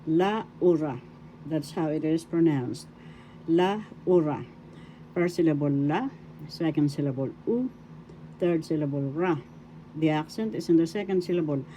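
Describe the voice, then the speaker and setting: An older woman from the Philippines with a Filipino accent, teaching a language lesson slowly and repeating words syllable by syllable. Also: sits low, dark tone, slight background noise, poor audio. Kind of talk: slow spelled-out pronunciation lesson.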